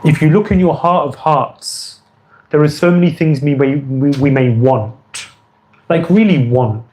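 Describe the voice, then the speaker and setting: A man's voice: on the high side, measured pace, a little mellow, a little hiss or hum, poor audio. Earnest man giving a devotional talk. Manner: earnest, repeats phrases for emphasis. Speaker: spiritual teacher. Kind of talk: devotional lecture.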